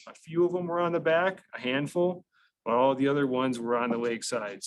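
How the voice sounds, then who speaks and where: A man's voice: medium pitch, fairly bright tone, low-quality recording. Methodical man explaining at a meeting. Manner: methodical, many fillers and restarts. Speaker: county staff presenting to a committee.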